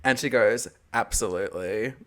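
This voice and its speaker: A man's voice: on the low side, moderate pace, sharp tone. A young man, co-hosting a podcast and telling a gossipy story full of camp slang. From Australia. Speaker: podcast co-host. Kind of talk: casual chat.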